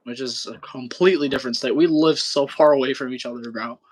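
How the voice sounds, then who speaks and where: A man's voice: mid-range voice, quick pace. A young man, chatting loosely on a livestream, full of slang and swearing. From Wisconsin, US Midwest. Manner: rambling, slangy, swears a lot, keeps saying bro. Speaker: livestream co-host. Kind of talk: casual chat on a livestream.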